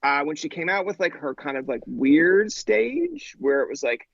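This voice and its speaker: A man in his thirties tells stories in casual podcast chat, acting out quotes with plenty of "like." His voice sits a little high. The recording is dry and dull, with a slightly lo-fi edge. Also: moderate pace, gravelly, dry recording. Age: 30s. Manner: animated storyteller, acts out quotes, says "like" a lot.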